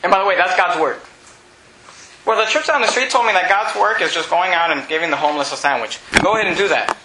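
A man, a pastor, preaching an impassioned sermon, often shouting and then dropping to a hush. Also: high voice, quick pace, echoey room, a little hiss or hum, low-quality recording. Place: church sanctuary.

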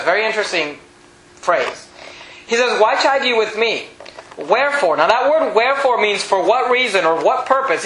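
A man's voice: high-pitched, sharp tone, a little hiss or hum. A man preaching a sermon, emphatic and repetitive, reading scripture aloud between points. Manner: emphatic, repeats words, reads scripture aloud. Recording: echoey room.

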